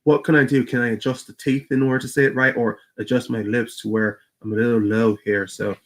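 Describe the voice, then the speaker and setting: A man hosting a casual wrestling podcast, talking fast with restarts and fillers. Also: mid-range voice, flat delivery. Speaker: host.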